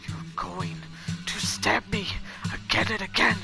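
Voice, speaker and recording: A woman voicing a paranoid male beast in clothes, in a slow, low whisper, as whispered role-play. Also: wildly swooping pitch, creaky, music in the background, heavily acted. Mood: menacing.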